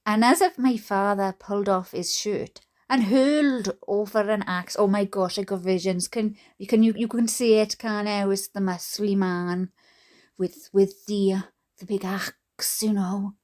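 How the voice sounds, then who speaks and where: A woman's voice: mid-range voice, fairly even intonation, a little slow, darkish tone. A Welsh woman reading a book aloud, breaking off for giggly, chatty asides. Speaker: book reader.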